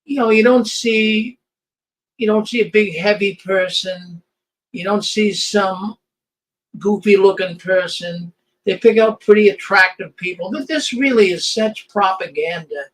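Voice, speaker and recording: High-voiced older male host, sarcastic and indignant, stumbles over his words. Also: unhurried, a bit bright, low-quality recording. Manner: indignant, sarcastic, stammering restarts. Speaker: commentary show host. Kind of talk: live commentary over video clips.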